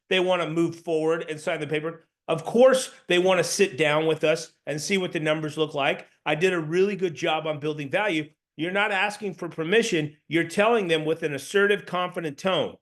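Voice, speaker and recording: A young man coaching solar salespeople, assertive and talking through sample pitches to customers. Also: normal speed, few pauses, fairly bright tone. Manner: assertive, role-plays customer dialogue.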